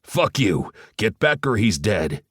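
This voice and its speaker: A man's voice: lowish voice, sing-song, slow pace, a bit bright, breathy edge, no room sound, studio quality, full character voice. A man voicing a brutal burly male thug who sneers and growls threats in an audiobook. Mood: frantic shouting.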